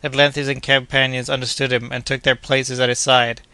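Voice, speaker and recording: A male audiobook narrator with a bright, crisp voice reads in a steady, measured way. His pitch stays quite flat, and the recording is dry and close. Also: no echo. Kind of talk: scripted narration.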